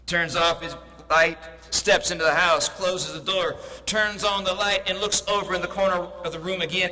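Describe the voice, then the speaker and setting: A man with a very bright, somewhat high voice delivers a graduation address in a rolling, preacher-like cadence. His voice carries through a large hall over a PA with a long, echoey tail. Faint ambient noise sits underneath. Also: steady tone, normal speed, hardly any pauses. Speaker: commencement speaker. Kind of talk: preachy ceremony speech with a joke. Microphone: podium mic over a PA.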